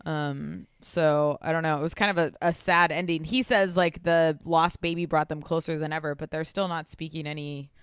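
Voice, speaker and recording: Chatty podcast co-host woman, smooth and clear. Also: low voice, steady tone, dry recording, clean studio sound. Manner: chatty, lots of ums, quick asides and laughs. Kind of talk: casual chat about a reality show.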